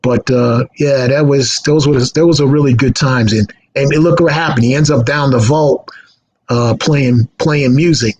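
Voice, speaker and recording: A man telling radio stories in a casual, animated way, acting out the quotes. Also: medium pitch, measured pace, poor audio. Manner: animated anecdotes with acted quotes. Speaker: radio guest. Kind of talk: casual storytelling.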